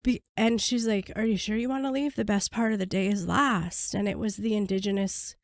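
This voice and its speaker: A woman guest on a podcast, telling her story bluntly and swearing freely, her voice going hoarse. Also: medium pitch, steady tone, brisk, no echo. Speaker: podcast guest, prisoner advocate. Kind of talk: candid storytelling interview.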